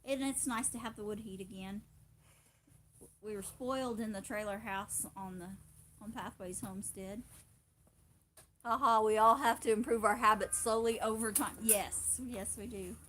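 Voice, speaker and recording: A woman's voice: a little high, steady tone, normal speed, fairly bright tone, a little hiss or hum. Chatty woman hosting a homestead livestream. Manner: chatty, rambling, laughs often. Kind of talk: casual chat.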